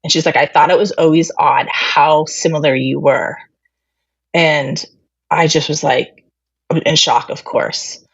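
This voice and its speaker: A woman's voice: sits low, fairly even intonation, unhurried, vocal fry, breathy edge, no room sound, dull audio. A woman guest candidly recounting a family story, retelling conversations with lots of fillers. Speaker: interview guest. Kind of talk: personal storytelling.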